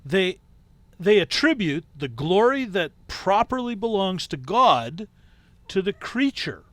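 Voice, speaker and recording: A man hosting a podcast, reading a book aloud in a measured way and breaking off into casual asides. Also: sits high, very animated, fairly bright tone, no room sound. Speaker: podcast host.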